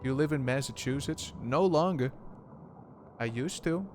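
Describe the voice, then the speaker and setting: A man's voice: mid-range voice, unhurried, darkish tone, faint music behind. A man streaming a game, chatting casually in a rambling, profane, joking way.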